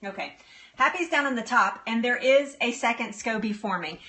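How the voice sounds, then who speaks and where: A woman's voice: fairly high pitch, lively intonation, moderate pace, noisy background. A middle-aged woman hosting a casual live stream, bubbly and giggly as she answers viewer comments. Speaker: livestream host.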